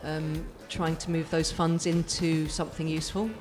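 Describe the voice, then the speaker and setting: A woman with a croaky voice, a guest on a radio show, explaining her work in an earnest, rambling way with many fillers. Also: sits low, level tone, moderate pace, music in the background. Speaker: guest, therapist. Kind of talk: casual radio interview.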